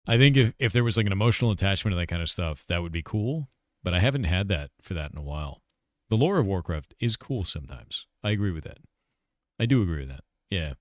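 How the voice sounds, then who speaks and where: A man's voice: sits low, animated, fast, dry recording, clean studio sound. A man who is a game developer, chatting casually on a livestream Q&A, blunt and profane, with lots of filler words.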